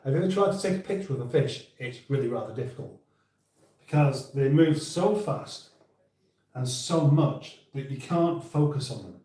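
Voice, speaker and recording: A man's voice: medium pitch, lively intonation, normal speed, mellow, distant mic. A man hosting a casual live chat and reading viewer comments aloud, rambling and self-interrupting with dry humour, recorded in an echoey room. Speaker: livestream host.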